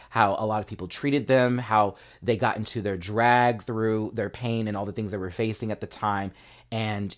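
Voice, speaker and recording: A man giving a casual, sassy recap of a reality competition episode, with quick asides and bursts of laughter. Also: medium pitch. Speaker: show reviewer.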